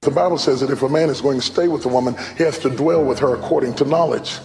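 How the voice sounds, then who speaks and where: A man's voice: mid-range voice, fast talker, creaky, darkish tone. A man preaching a sermon in a rhythmic, sing-song cadence, calling out to the crowd.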